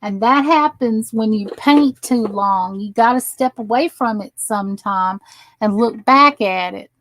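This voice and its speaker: A woman's voice: fairly high pitch, measured pace, fairly bright tone, a little hiss or hum, rough recording. A tired woman chatting casually with viewers while she crafts on a live stream. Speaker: crafting livestream host.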